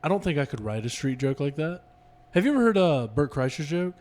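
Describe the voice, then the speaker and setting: A man's voice: on the high side, sing-song, brisk, darkish tone. A man on a casual comedy podcast, telling crude jokes in a loose, laughing way. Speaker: podcast host.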